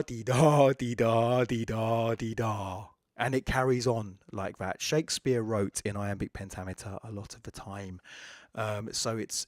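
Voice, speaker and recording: A man's voice: on the low side, darkish tone, no room sound, studio quality. A man hosting a podcast, talking through poetry in a casual, digressive way, with fillers and self-corrections. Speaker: podcast host. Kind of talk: casual spoken lecture on poetry.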